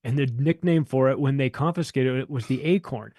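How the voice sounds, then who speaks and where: A man's voice: medium pitch, a little fast, mellow, dry recording, clean studio sound. A man guesting on a podcast, telling a long story in a rambling, profane, casual way and acting out the voices of the people in it.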